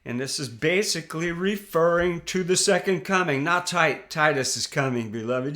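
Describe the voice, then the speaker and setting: A man's voice: a little high, normal speed, few pauses, bright, forceful tone. A man teaching scripture as a preacher, reading verses aloud and commenting in an impassioned, scornful way, with frequent restarts. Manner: impassioned and scornful, addressing listeners as beloved.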